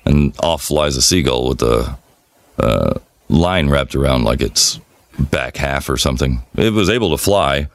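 Very deep-voiced man telling rambling stories. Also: measured pace, gravelly, dry recording. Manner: relaxed rambling storyteller, swears freely. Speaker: podcast co-host. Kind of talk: casual chat, storytelling.

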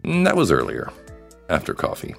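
Deep-voiced man rambling on a solo podcast. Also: wildly swooping pitch, normal speed, creaky, soft background music. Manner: joking, rambling, crude humor. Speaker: podcast host. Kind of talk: solo live podcast chat.

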